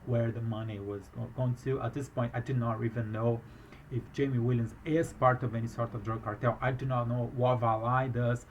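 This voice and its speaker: A non-native English speaker tells a personal story in a halting, rambling flow full of restarts. His voice sits at an ordinary pitch. The recording is a little muffled, with faint noise behind him. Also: steady tone. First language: not English, speaks with a foreign accent. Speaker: business owner recounting a fraud case. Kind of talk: emotional personal account.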